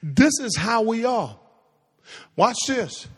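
A man's voice: extremely high pitch, sing-song, takes it slowly, fairly bright tone, slightly rough. A man preaching a sermon in a church sanctuary, using call-and-response and repeating phrases for emphasis. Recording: echoey hall with long reverb.

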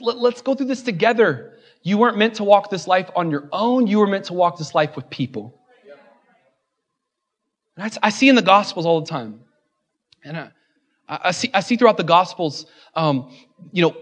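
High-voiced joking pastor preaching a sermon. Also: male voice, lively intonation, moderate pace, long pauses, fairly bright tone. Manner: joking asides, building to impassioned repeated refrains. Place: church.

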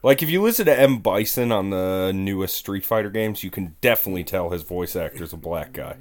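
Low-voiced, lively young man with a wry wit. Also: a little fast. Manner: wry, animated storytelling with dry jokes. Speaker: podcast co-host. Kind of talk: casual chat.

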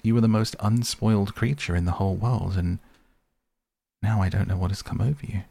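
A man's voice: fairly low pitch, steady tone, a little fast, creaky, mellow, breathy edge, no echo. A man voicing an older male painter who speaks in an anguished, reproachful, pleading way.

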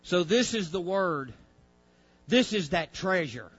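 A man's voice: high-pitched, lively intonation, takes it slowly, breathy edge, highs cut off, faint music behind. A male preacher, delivering a fiery sermon with folksy grammar, directing a reader and acting out pleading voices.

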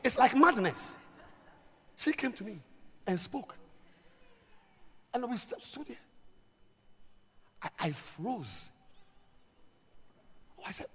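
Male pastor, lively high voice, stammers, emphatic sermon delivery; long church reverb. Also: breathy edge. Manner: emphatic, stammering, swings from loud to soft. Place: church hall. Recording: reverberant church hall with music.

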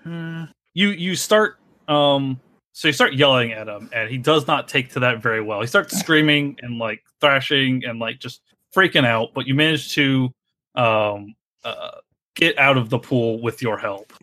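A man running a tabletop game as game master. His voice sits in a middle pitch, and he talks loosely, pausing often with fillers and restarts. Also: pushed and bright. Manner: loose and halting, many fillers.

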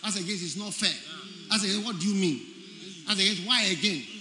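A man's voice: sits high, brisk, bright, forceful tone, slight background noise. A man preaching a sermon, emphatic, repeating key phrases and quizzing his listeners. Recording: echoey hall with faint ambience.

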